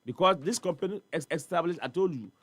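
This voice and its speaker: A man with a Ghanaian accent talks fast in a fairly high pitch as a morning-show studio guest on the subject of port trade. His animated delivery is emphatic and repetitive, loaded with rhetorical questions, over a dry recording.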